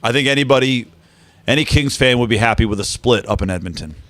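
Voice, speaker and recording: A man's voice: mid-range voice, quick pace, a bit bright, no echo. A man co-hosting a live hockey watch-along in a studio, chatty and jokey as he reads out stats. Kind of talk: casual live chat. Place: team studio.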